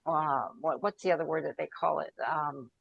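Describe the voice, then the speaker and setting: A woman's voice: deep voice, steady tone, moderate pace, creaky, no room sound, lo-fi sound. A woman guest on an interview podcast, telling stories and advice in a conversational way, sometimes searching for words. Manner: storytelling, searches for words, quotes herself and others. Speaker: podcast guest, founder and coach.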